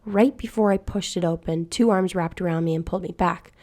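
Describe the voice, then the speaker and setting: Woman reading a creepy story, quiet and slow, low dark voice. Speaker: narrator reading a horror story. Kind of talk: scripted horror narration.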